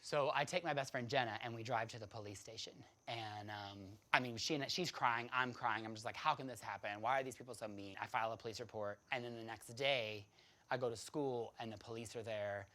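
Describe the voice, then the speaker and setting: Brief: a man of average pitch, lively and dramatic as he tells his own story. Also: fairly quick. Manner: animated, laughing, dramatic. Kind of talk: personal storytelling to an audience.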